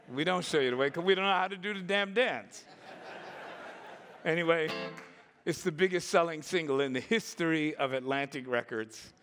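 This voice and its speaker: A man in his sixties telling stories on a conference stage in a lively way, acting out the voices and laughing often. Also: fairly high pitch, normal speed, smooth. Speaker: conference speaker. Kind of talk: storytelling talk.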